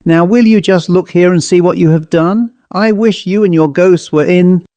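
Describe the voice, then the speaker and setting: A man's voice: high-pitched, moderate pace, mellow, dry recording, voice pushed up, lightly acted. A man voicing an indignant scolding woman bookkeeper. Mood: exasperated. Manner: scolding, exasperated. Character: indignant sharp-tongued young woman bookkeeper.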